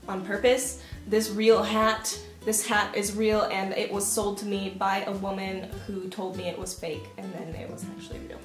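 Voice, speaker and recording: A woman co-hosting a casual vlog, chatting in a loose, self-deprecating way with filler ums. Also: medium pitch. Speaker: vlogger co-host. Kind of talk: casual chat. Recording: roomy echo with faint music.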